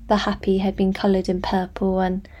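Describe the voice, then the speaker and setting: A woman reading a novel aloud in measured, scripted narration. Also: medium pitch, completely flat delivery, dark tone. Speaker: audiobook narrator.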